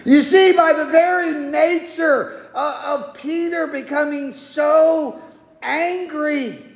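A man's voice: very high-pitched, fairly even intonation, takes it slowly, creaky. A man preaching an expository sermon as a pastor, folksy and conversational with humorous asides. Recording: echoey hall with long reverb.

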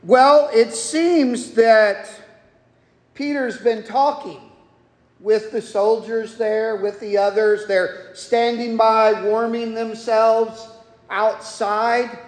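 Man, pastor, folksy sermon, high voice, roomy echo. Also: steady tone, slow pace. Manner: folksy and conversational, with humorous asides. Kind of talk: expository sermon. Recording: echoey hall with long reverb.

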